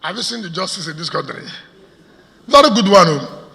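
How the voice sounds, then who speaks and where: A man's voice: sits high, animated, a little fast, creaky, bright, forceful tone. A man with a Nigerian accent, a state governor making a combative public address to stakeholders, firing off rhetorical questions. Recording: reverberant hall.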